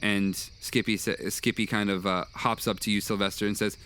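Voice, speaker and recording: A man narrating a tabletop game as game master, halting with many fillers and restarts. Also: on the low side, level tone, fairly bright tone, a little hiss or hum.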